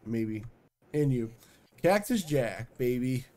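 A man hosting a podcast in casual chat, joking and excitable, swearing freely. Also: medium pitch, slow. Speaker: podcast host.

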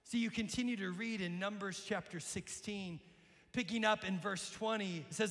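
High, gravelly preaching man in a hall. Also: normal speed. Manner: energetic, preachy, shifting from shouts to hushed lines. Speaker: pastor. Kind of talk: sermon. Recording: long hall reverb.

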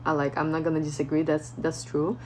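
A woman vlogger telling a casual story in a chatty way, full of fillers and lively retelling. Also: deep voice, quick pace, a little hiss or hum, low-quality recording. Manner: chatty, peppers speech with "like", animated retelling.

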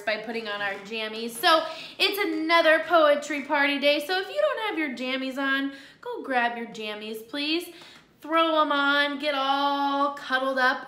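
A woman's voice: sits high, sharp tone. A woman teaching a lesson to second-graders on video at home, in a cheerful, chatty and encouraging way. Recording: echoey room.

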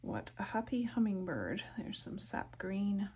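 A soft-spoken woman narrating a painting tutorial, her voice dropping to whispers as she concentrates. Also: medium pitch, very animated, a little slow, breathy edge. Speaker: art instructor.

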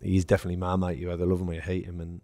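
English ex-footballer guest, low dry voice, anecdotal and animated. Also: male voice, very fast, no echo. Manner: storytelling, acts out quoted dialogue, laughs. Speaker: former footballer, podcast guest. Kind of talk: casual anecdote telling.

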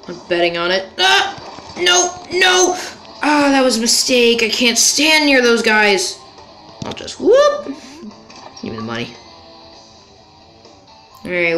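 A woman giving playful, exasperated commentary over her gameplay, and her voice rises and falls a lot. She chats to the characters on screen and breaks into yelps now and then. The room sounds roomy, with game music playing clearly behind her. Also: medium pitch, a bit bright. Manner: bursts into yelps and laughs. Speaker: gaming video creator.

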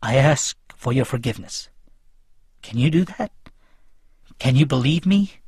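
Male audiobook narrator, mid-pitched, breathy texture, restrained delivery. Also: lively intonation, a little slow, long pauses, darkish tone, no room sound, clean studio sound. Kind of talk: first-person audiobook reading.

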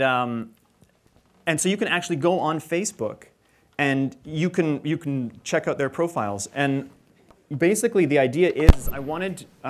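A male playwright talks through his show in a loose, rambling way, laughing often and leaning on filler words. His voice sits at an ordinary male pitch. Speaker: playwright guest. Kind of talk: casual interview chat.

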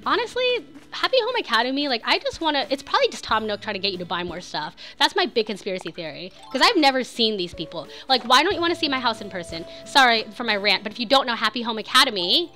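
A woman's voice: fairly high pitch, big pitch swings, quick pace, bright, forceful tone, faint music behind. A woman in her thirties chatting casually while she plays a game on stream. She is giggly and rambling, and she swears freely. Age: 30s. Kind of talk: casual live gameplay chat.

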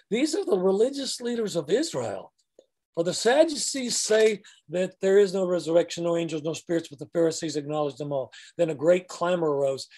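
A man's voice: a little high, a little mellow. Chatty man teaching a Bible class.

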